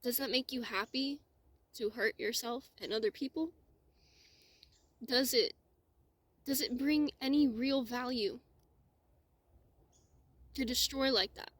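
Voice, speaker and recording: Slow, emotional woman on the verge of tears. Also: high-pitched, dry recording. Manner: heartfelt, slow, drifting into soft whispers. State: close to tears. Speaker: spiritual vlogger. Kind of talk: emotional personal monologue.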